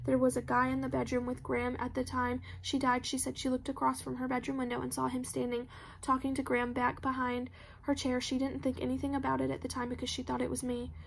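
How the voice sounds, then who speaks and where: A woman voicing a withdrawn teenage boy who speaks in a flat, distant way. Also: high-pitched, fast talker, creaky, slight background noise.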